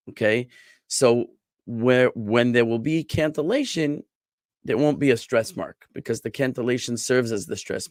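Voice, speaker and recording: Male rabbi teaching, mid pitch, patient and repetitive, stretches words for emphasis, dead-dry recording. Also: no echo. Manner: patient, repeats and drawls words to show syllable stress; thinks aloud with restarts and rhetorical checks. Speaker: rabbi teaching biblical Hebrew. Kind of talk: online class lecture.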